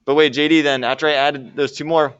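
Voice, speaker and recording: A man's voice: on the high side, level tone, fairly quick, a bit bright, clean tone, no room sound, highs cut off. A man teaching a math lesson to a classroom and joking with his students as he works through problems. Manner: jokey, talks to students while working problems. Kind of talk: classroom lecture.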